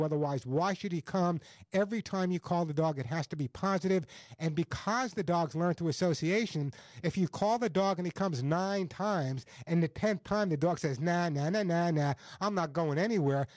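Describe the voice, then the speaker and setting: High-voiced, dry-sounding energetic radio host. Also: male voice, no room sound. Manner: fast, energetic, repeats words when excited. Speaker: radio pet show host and dog trainer. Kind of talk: call-in radio advice. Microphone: studio microphone.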